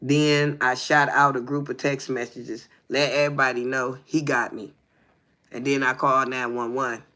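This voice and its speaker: A man's voice: medium pitch, level tone, normal speed, bright, forceful tone. A man co-hosting a livestream, reading a text aloud with stumbles and breaking off to ask the listener "you hear me". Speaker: livestream co-host.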